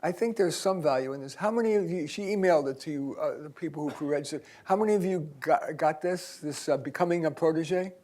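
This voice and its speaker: A man giving a career seminar in a university auditorium, reading his own article aloud slowly and deliberately though he calls himself a fast talker. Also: fairly high pitch, a little mellow. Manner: deliberately slowed, self-described fast talker.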